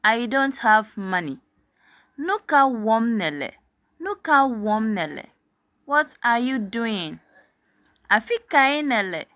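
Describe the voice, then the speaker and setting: A woman's voice: on the high side, very animated, slow pace, long pauses, a bit bright, no room sound, clean studio sound. A woman teaching a language, saying each short phrase twice and then giving its meaning. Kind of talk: slow phrase-by-phrase language drill.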